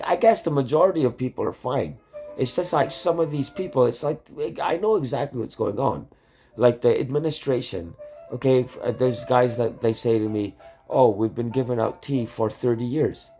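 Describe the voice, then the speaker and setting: A man's voice: medium pitch, a little mellow. Agitated man ranting and swearing. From Canada. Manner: agitated, swearing, rambling with many restarts. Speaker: YouTube channel host. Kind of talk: angry rambling vlog rant.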